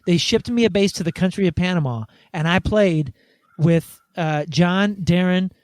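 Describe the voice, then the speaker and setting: A man guest on a podcast, telling a story in a casual, animated way and acting out the quoted conversations. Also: high voice, moderate pace, no echo.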